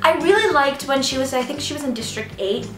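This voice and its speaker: A woman's voice: sits high, animated, fairly quick, a bit bright. A woman giving a casual movie review, gushing and rambling with lots of "like". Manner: gushing, rambling, heavy use of "like". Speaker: film reviewer. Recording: echoey room, distant mic, music behind.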